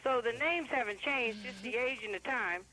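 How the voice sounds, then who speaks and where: A woman's voice: on the high side, moderate pace, pushed and bright, low-quality recording. A woman calling in to a talk show by phone, chatty and enthusiastic as she shares her opinions. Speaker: caller.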